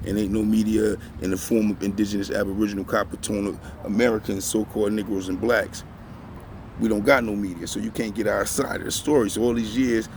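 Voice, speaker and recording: A man in a casual, loose opinion rant, repeating filler words like "man" as he talks outdoors. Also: on the low side. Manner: loose, repetitive, sprinkles "man" and "stop playing". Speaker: vlogger. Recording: noisy outdoor street recording.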